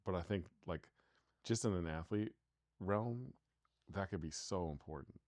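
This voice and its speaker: Male co-host, deep voice, loose rambling chat, dry close sound. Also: a little slow, darkish tone, no room sound. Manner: rambling, full of "like" fillers and restarts. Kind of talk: casual chat.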